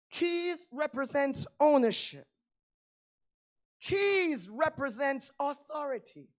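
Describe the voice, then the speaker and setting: A woman preaching a sermon, swinging between hushed lines and loud emphatic ones, acting out little everyday dialogues. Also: a little high. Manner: acts out little dialogues in plain voices.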